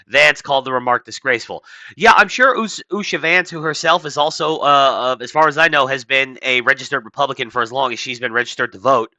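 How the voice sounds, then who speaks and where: Male commentator, sarcastic and profane, very bright voice, dry close sound. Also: medium pitch, fairly quick, dry recording, poor audio. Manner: blunt, sarcastic, profane asides. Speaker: political commentary host. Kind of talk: casual reading and commenting on an article.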